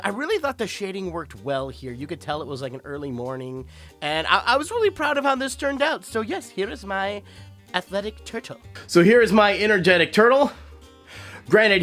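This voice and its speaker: A man's voice: sits high, a bit bright. A young man and voice actor hosting a casual chatty video in a playful, giggly way. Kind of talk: casual chat.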